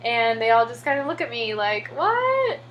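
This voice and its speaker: A woman's voice: on the high side, fairly even intonation, brisk, a bit bright, a little hiss or hum, rough recording. A young American woman who teaches English in Korea, talking casually with lots of fillers and acting out her pupils' voices. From United States. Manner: chatty, many fillers and "like"; acts out children's voices when telling stories. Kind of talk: casual vlog.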